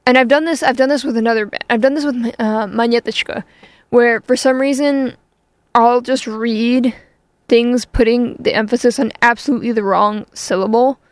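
A woman's voice: on the high side, fairly even intonation, moderate pace, no echo. A woman radio host chatting casually on air between songs, self-deprecating and chatty, with frequent fillers.

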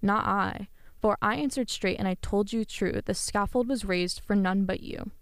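A cruel, smug hangman in a spoken poem, quietly menacing and mocking, as a woman reads him out. The voice is smooth and clear, and the recording is dry and close with no room sound. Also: mid-range voice, moderate pace, dry recording, lightly acted. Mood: smug menace. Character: sly, cruel male hangman, mocking and calm.

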